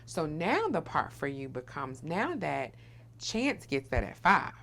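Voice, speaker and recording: A middle-aged woman interviewing a guest in a low, gravelly voice. She is affirming and emphatic, and she often checks in with a quick "right?". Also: sing-song, a bit bright. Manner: affirming, emphatic, frequent "right?" tag questions. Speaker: interviewer and host. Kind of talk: supportive conversational interview.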